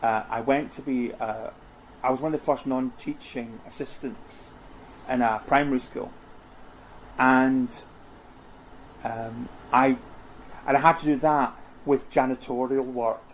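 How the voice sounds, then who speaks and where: A man's voice: medium pitch, steady tone, unhurried, long pauses, a little hiss or hum. Chatty middle-aged man. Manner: chatty, rambling, with many restarts and fillers. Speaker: interview guest, costume house owner. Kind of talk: casual conversational interview.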